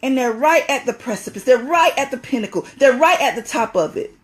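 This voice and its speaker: A woman's voice: high-pitched, animated, a little fast, soft background music. A woman giving an impassioned spiritual talk, emphatic and preachy, repeating phrases for stress.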